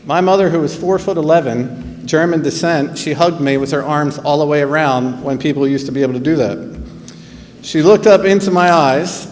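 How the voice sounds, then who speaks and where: A man in his fifties from New Jersey, whose accent colours an earnest, measured commencement address full of deliberate pauses. His voice sits slightly high for a man. He speaks over a podium microphone in a large hall with a long reverb tail and a faint hum behind him. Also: a little mellow. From New Jersey, USA. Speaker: school principal giving graduation speech. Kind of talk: commencement speech. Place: large auditorium or arena.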